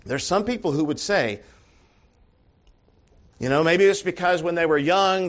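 High-voiced emphatic male pastor preaching. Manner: emphatic, swings from quiet asides to shouted calls. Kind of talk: sermon.

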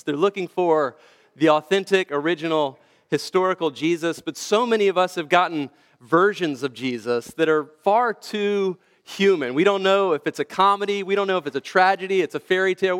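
Male pastor, smooth resonant voice, fairly high, storytelling sermon in a church with long reverb. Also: fairly bright tone. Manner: storytelling with frequent restarts and fillers. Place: church sanctuary.

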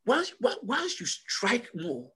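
A man preaching a sermon as pastor, emphatic and repetitive, building to loud call-and-response peaks. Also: extremely high pitch, huge pitch swings, takes it slowly, husky.

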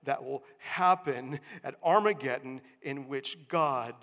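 A male pastor preaching a sermon, dropping to hushed lines and then rising to booming proclamations. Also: slow. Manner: dramatic swings from hushed to booming. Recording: long church reverb.

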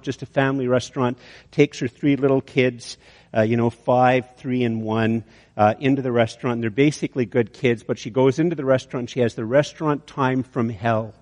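Guy preaching, tells a long story, stumbles and restarts a lot, big echoey hall. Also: mid-range voice. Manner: storytelling, animated with many restarts. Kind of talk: sermon illustration.

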